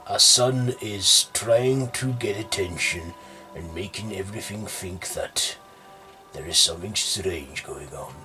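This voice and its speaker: A man's voice: low voice, slow, over music. A man doing a stern, dismissive father. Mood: impatient. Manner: blunt, impatient. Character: stern middle-aged father, dismissive skeptic.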